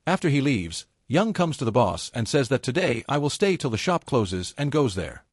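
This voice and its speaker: A man's voice: mid-range voice, big pitch swings, moderate pace, breathy edge, no echo, studio quality. A man narrating a drama recap in a scripted style, reading the quoted dialogue in the same plain narrating voice.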